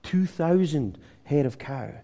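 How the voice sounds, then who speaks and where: A man's voice: a little high, lively intonation, slow, warm tone, exaggerated voice. A man doing a bragging American rancher. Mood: boastful. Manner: bragging, exaggerating. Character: boastful rich American ranch owner, man.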